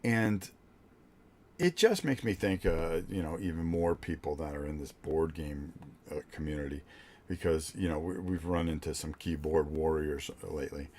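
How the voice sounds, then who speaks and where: An older man hosting a vlog, telling a blunt, profane story in a casual, animated way with many restarts. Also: a bass voice, normal speed. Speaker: vlog host.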